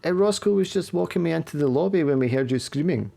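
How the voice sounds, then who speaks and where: A game master voicing Emil, a nervous young woman roommate who stammers while trying to calm her friend. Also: medium pitch, fast, vocal fry, pitched above the performer's own voice. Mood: flustered. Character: flustered young woman roommate, anxious and placating. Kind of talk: tabletop role-play in character.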